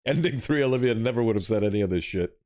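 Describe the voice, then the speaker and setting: A young man streaming as a VTuber, giving animated, casual game commentary and swearing freely. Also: on the low side, fast.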